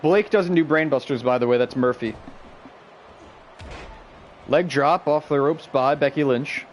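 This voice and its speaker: A man hosting a stream and calling video game wrestling play by play, excitable and shouting the big moves while chatting with viewers. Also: a little high, unhurried, muffled recording, slight background noise. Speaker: stream host and play-by-play commentator.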